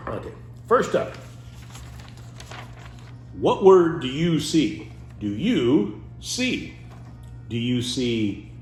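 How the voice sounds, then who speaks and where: A man doing a playful comic monologue as a host, silly and animated. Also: medium pitch, very slow, pauses often, roomy sound. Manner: animated, silly, keeps breaking into goofy voices. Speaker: comedy host.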